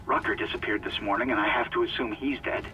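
A grim ship engineer's log. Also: male voice, on the low side, fast talker, dull audio, a little hiss or hum. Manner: grim, steady log narration. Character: weary male ship engineer recording a log.

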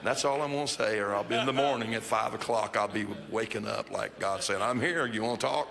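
A man's voice: fairly low pitch, steady tone, a little fast, creaky, background noise. A man preaching at a church conference, telling a folksy, joking story and acting out the people he quotes. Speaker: bishop preaching. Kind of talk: storytelling sermon.

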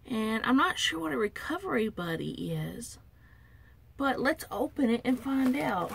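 Gravelly woman, tearfully grateful. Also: a little high, big pitch swings, a little slow. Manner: emotional, tearful, softly thankful. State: unwell, recovering. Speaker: vlogger opening viewer packages. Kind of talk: casual chat to camera.

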